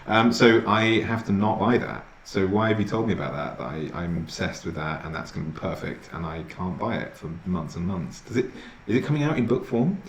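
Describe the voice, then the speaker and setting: A man's voice: deep voice, sing-song, fairly quick, hardly any pauses, roomy sound, slight background noise, low-quality recording. A man in his late twenties, hosting a livestream in casual, rambling chat full of fillers and restarts. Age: 20s. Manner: rambling, self-deprecating, lots of fillers and restarts. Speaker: stream host.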